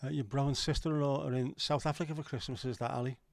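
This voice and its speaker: A man's voice: medium pitch, fairly even intonation, fast, gravelly, no room sound. A middle-aged man hosting a casual livestream, rambling, swearing now and then and answering chat comments. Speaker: livestream host.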